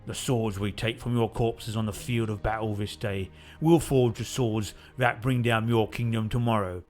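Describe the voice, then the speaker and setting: A man's voice: lowish voice, steady tone, moderate pace, darkish tone, faint music behind, natural voice. A man putting on a mock Nordic accent and a raised voice to play a defiant viking warlord. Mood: menacing.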